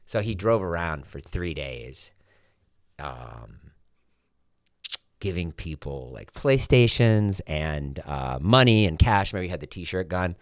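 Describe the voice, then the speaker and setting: A man's voice: deep voice, takes it slowly, no room sound, studio quality. A man in his forties, a podcast guest telling stories in casual chat and acting out what others said. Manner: animated storyteller, acts out quotes loudly.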